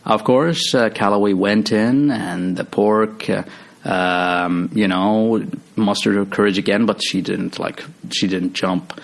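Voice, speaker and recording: Gravelly low-voiced man rambling casually. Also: slow. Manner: rambling, many fillers and restarts. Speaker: movie recap host. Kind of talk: casual movie retelling.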